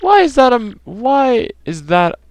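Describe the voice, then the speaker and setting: A man voicing a pompous, theatrical rich male merchant while reading game dialogue, with grand drawn-out exclamations. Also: very high voice, sing-song, no room sound, pitched above the performer's own voice, heavily acted. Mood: grandiose. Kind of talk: let's play voice reading.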